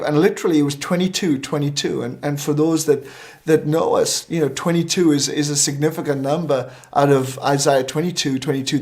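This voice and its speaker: Rambling storytelling man, higher pitched. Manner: lively anecdotal storytelling with many fillers. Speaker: guest minister. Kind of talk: storytelling in a talk show interview.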